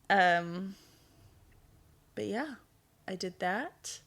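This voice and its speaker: A woman's voice: medium pitch, slow pace, pauses often, fairly bright tone. A woman in her thirties hosting a casual solo podcast, chatty and blunt, swearing freely and laughing at herself. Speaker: podcast host.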